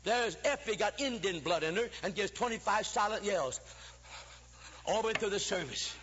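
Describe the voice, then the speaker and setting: A man's voice: sits high, animated, normal speed, fairly bright tone, a little hiss or hum. An older man preaching a folksy, humorous Baptist sermon, telling stories and breaking into a chanted cadence, recorded in a church. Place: church sanctuary. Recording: lo-fi hall recording with long reverb.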